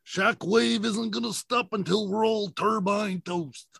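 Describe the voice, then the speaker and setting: A man's voice: sits high, steady tone, unhurried, gravelly, a bit bright, slightly rough, no echo, full character voice. A man voicing a tough female robot warrior, blunt in manner, in a dry recording.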